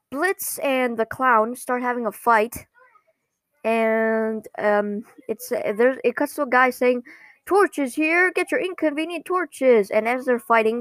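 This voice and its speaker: A woman casually recapping a cartoon episode, rambling and halting, often correcting herself mid-sentence. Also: on the high side, a bit bright, smooth, dry recording.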